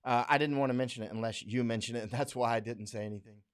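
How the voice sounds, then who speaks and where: A man's voice: mid-range voice, fairly even intonation, fast, clean tone. Blunt, rambling American man livestreaming. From United States. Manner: rambling, blunt, laughs often, mocking voices when quoting others. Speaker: livestream host answering viewer comments. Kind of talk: casual livestream chat. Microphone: studio microphone.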